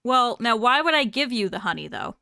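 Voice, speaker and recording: A woman voicing an irritable man in charge who is gruff, exasperated and cornered. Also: a little high, big pitch swings, fairly quick, bright, forceful tone, no echo, studio quality, exaggerated voice. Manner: gruff, exasperated, turns panicky.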